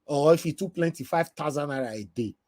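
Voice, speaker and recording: A man from the UK with a Nigerian Pidgin accent, giving an animated, emotional commentary rant. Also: a little high, a little fast. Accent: Nigerian Pidgin English. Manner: animated, emotional, switching from loud to soft. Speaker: vlogger.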